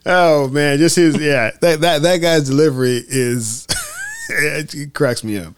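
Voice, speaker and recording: A man's voice: fairly high pitch, slow pace, clean tone, no room sound. A man co-hosting a podcast, chatting casually about a film, often repeating words as he goes. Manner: relaxed, stammers and repeats words. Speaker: podcast co-host.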